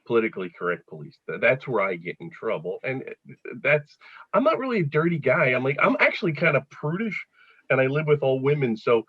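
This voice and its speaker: Male comedian, 50s, husky and a touch high, animated anecdote teller, dry dull lo-fi remote audio. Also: a little fast. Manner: animated storyteller who acts out quotes. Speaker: comedian guest. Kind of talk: casual chat with comic anecdotes.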